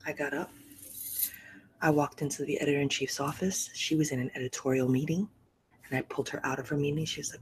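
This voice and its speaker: A middle-aged woman hosting a podcast, telling a personal story candidly and emotionally, often sinking to a soft, breathy near-whisper. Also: low-pitched, fairly even intonation, a little fast, slight background noise, poor audio. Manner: repeats phrases for emphasis, swears freely. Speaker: podcast host.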